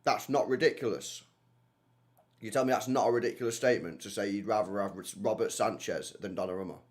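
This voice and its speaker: A man's voice: on the low side, a little fast. A young man chats casually on a livestream, answering viewer comments in slangy speech full of tag questions. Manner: animated, slangy, repeats himself with many tag questions. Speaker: streamer hosting a football watchalong.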